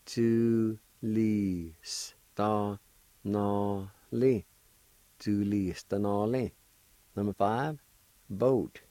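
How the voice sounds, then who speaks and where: Slow, deep-voiced man spelling out words. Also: warm tone, no room sound. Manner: encouraging. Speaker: language teacher and radio host. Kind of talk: radio language lesson.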